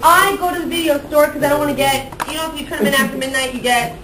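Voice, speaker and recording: A woman's voice: high-pitched, steady tone, racing. A young woman teacher telling her class a long, worked-up story about her weekend, acting out her own reactions as she goes. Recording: echoey classroom from far off, noisy.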